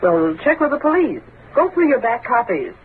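A brisk, sarcastic newspaper secretary with a high voice. It is 1940s radio acting. The sound is thin and tinny, like an old broadcast, with a faint hiss. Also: female voice, very animated. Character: brisk, witty adult woman newspaper secretary.

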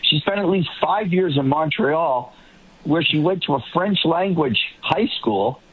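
A husky man comes through a thin, phone-like remote feed, pitched a little high for a man. He speaks with emphatic political panel commentary, often restarting and repeating himself. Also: lively intonation, measured pace. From Boston area. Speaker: panel guest. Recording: tinny remote line.

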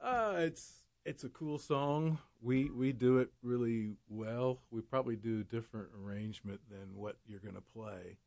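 A man's voice: mid-range voice, normal speed, gravelly, few pauses, a little mellow, dry recording. A man who plays in a band, a guest on a radio show, giving brief, laid-back answers. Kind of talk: casual radio chat.

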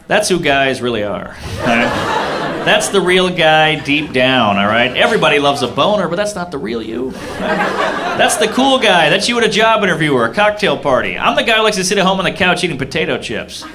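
A man's voice: a little high, sing-song, fairly quick. A man performing stand-up, talking to the crowd in a confiding, playful way. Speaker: stand-up comedian. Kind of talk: stand-up routine. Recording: live club with loud audience.

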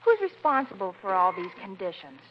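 A woman's voice: mid-range voice, very animated, a little fast, natural voice. An actress playing a polite, puzzled young woman who helps at a diner, as the straight part in a 1940s radio comedy. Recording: dull old radio broadcast with faint hiss.

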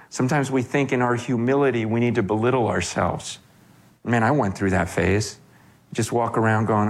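A man preaching a sermon in a conversational, animated way, acting out quoted voices. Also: medium pitch, a little slow, slightly rough.

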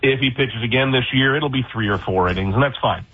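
Husky-voiced man on a dull line. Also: mid-range voice, a little fast. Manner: dry, sarcastic, laid-back. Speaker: baseball beat reporter guest. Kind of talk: casual sports radio interview. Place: hotel room.

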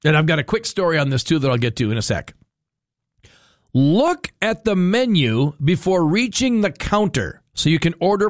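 Animated, chatty man on air. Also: on the high side, no room sound, studio quality. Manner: chatty, animated storytelling with playful quoted voices. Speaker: radio host. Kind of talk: casual talk radio chat.

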